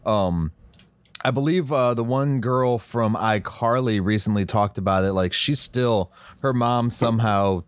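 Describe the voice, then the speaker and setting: A man's voice: medium pitch, measured pace, smooth, dry recording. A man co-hosting a podcast, rambling loosely in casual chat with lots of filler words. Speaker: podcast co-host.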